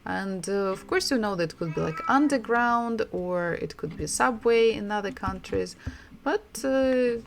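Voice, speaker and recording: Slow Russian-accented woman teaching. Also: mid-range voice, animated, creaky, slight background noise. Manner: slow, repeats words, laughs often. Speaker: language teacher. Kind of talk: online language lesson. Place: home room.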